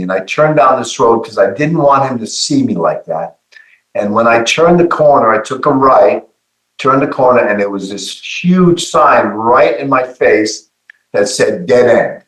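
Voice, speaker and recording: A middle-aged man telling a personal testimony in an earnest, halting way, often repeating his words. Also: mid-range voice, fairly bright tone, echoey room, poor audio. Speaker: guest giving testimony.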